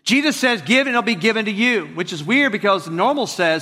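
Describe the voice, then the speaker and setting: Southern man, pastor, lively joking sermon, high voice, long hall reverb. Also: fairly quick. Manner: energetic, conversational, joking asides.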